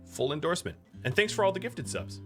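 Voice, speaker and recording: A man's voice: on the high side, sing-song, fast, faint music behind. An American man from the United States giving casual, chatty commentary while streaming a game, talking to viewers between moves. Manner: chatty, talks to chat and to his pet between game moves.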